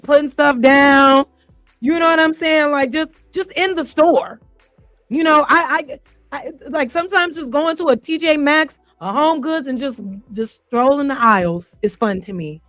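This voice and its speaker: A woman's voice: high voice, a bit bright, dry recording. A woman hosting casual reaction commentary, talking in a blunt, profane and heated way and firing off rhetorical questions. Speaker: host.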